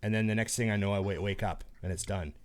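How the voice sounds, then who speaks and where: A man's voice: on the low side, steady tone, quick pace. Rambling man telling a story. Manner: rambling anecdotal storytelling with frequent restarts. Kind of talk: casual podcast chat.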